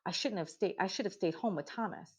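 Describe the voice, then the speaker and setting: A woman voicing a worried middle-aged farmer's wife, flustered, with her pitch rising as she talks. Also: brisk, breathy edge. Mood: indignant. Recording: dull lo-fi recording.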